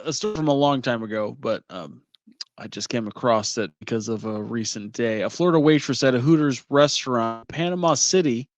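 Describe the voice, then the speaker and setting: A male podcast co-host retelling an odd news story in a relaxed, amused manner. He is recorded close and dry, with no room sound, and his voice sits at an average pitch. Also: dry recording. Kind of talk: casual podcast chat, reading a news story.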